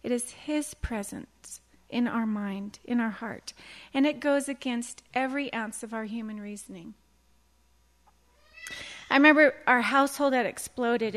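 A middle-aged woman teaching a devotional Bible talk, earnest and animated, telling stories and acting out quotes. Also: fairly high pitch. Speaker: women's Bible study teacher.

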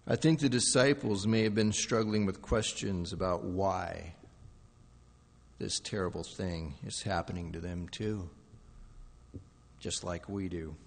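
A man preaching a sermon with dramatic shifts from soft, low passages to loud, pleading outbursts. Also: measured pace, vocal fry, pauses often, big-room sound. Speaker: pastor.

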